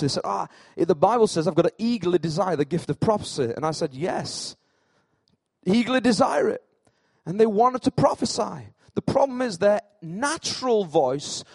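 A male pastor preaching a sermon, swinging between hushed lines and loud, animated peaks, and joking with his congregation by name. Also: high voice, no room sound.

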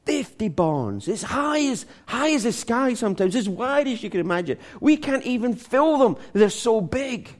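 A man's voice: very high voice, very animated, moderate pace, few pauses, voice pushed up. A man putting on a boastful, exaggerating rich American ranch owner in a joke. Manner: bragging, exaggerating.

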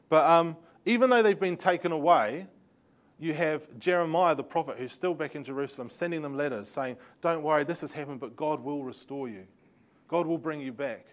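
A man teaching a Bible lesson with slides, telling the story in a lively way with laughing asides and sarcastic remarks. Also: on the high side.

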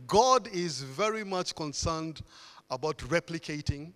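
A man's voice: fairly high pitch, lively intonation, unhurried, fairly bright tone. A man preaching a sermon in earnest tones, building emphasis through repeated phrases. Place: church hall. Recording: long hall reverb.

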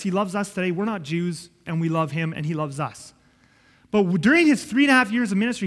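A man's voice: high voice, big-room sound. A man preaching a sermon, emphatic and conversational, often checking in with his listeners. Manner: emphatic, repeats and checks in with "okay?".

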